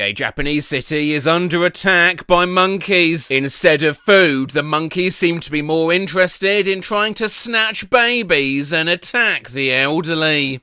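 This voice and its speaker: A man reading out funny online posts with lively comic asides and quick jokes. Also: a little high, clear, resonant tone, dry recording, clean studio sound. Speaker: comedy Reddit reader.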